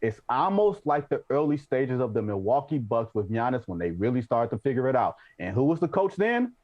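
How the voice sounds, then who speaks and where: A man's voice: mid-range voice, big pitch swings, fairly quick, phone-quality sound. A man giving blunt, emphatic opinions as a guest on a basketball talk show, mixing jokes into his arguments. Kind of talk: opinionated sports debate.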